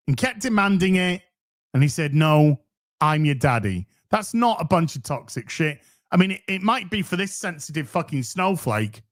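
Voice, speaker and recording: A man hosting a commentary show, ranting sarcastically and mocking the streamer he reacts to. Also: high-pitched. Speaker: commentary host.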